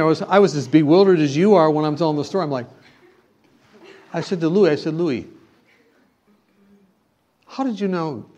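A man's voice: fairly high pitch, darkish tone. A man preaching a sermon, telling a personal story and then urging his listeners with emphatic exhortation. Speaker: pastor.

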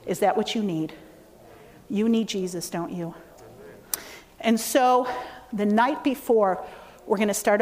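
Woman telling a lively church testimony. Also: fairly high pitch. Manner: storytelling with lively acted quotes. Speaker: speaker giving a testimony. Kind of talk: testimony sermon.

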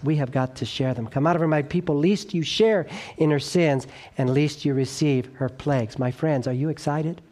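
A man preaching an evangelistic sermon, earnest and urgent, rising in emphasis and then dropping low and quiet, often checking in with his listeners.

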